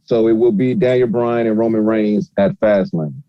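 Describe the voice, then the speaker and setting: A man's voice: on the low side, steady tone, moderate pace, no echo, dull audio. Rambling man hosting a podcast. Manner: rambling, filler-heavy. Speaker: podcast host. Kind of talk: casual show recap.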